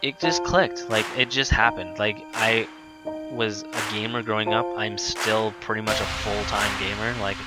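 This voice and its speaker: A man's voice: on the low side, steady tone, unhurried, over loud music. A man casually telling a personal story in a rambling way, full of "like"s and restarts. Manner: rambling, filler-heavy with many "like"s. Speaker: guest telling his story.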